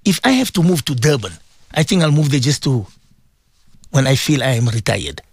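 A man's voice: mid-range voice, very animated, moderate pace, breathy edge, dry recording, clean studio sound. A middle-aged man, hosting a call-in radio show in casual, rambling chat and greeting listeners by name.

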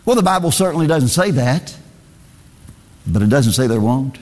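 A man's voice: mid-range voice, expressive, moderate pace, long pauses, a little mellow, big-room sound. A man preaching a sermon, reading scripture aloud in a singsong cadence and repeating phrases for emphasis.

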